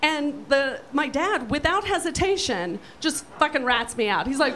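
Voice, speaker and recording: High-voiced woman telling a brash comic story. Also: moderate pace, hardly any pauses, a crowd in the background, background noise. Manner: brash, profane, animated storytelling. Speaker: storyteller guest.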